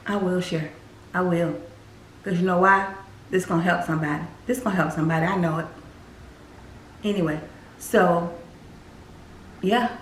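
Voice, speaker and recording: Woman telling her story in an echoey room. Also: mid-range voice. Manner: emphatic, repeats phrases for weight; speaks directly to viewers as "y'all". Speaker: faith vlogger sharing her testimony. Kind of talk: casual personal testimony.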